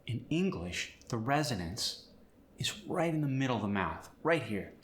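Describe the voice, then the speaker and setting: A man teaching pronunciation as an accent coach, demonstrating sounds in an animated, hands-on way. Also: medium pitch, moderate pace, reverberant. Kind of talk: instructional pronunciation tutorial.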